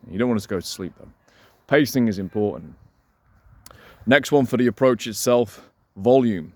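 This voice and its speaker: A man coaching listeners on voice and delivery, energetic and emphatic, repeating his key points and slowing down to demonstrate. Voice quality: resonant voice. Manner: deliberately slows and lowers voice to demonstrate. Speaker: dating coach. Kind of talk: instructional talk to camera.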